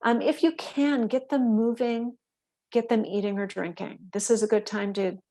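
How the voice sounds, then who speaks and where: A woman giving a calm, explanatory instructional talk to veterinary staff, often checking in with her listeners. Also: fairly high pitch, moderate pace. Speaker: workshop presenter for veterinary staff.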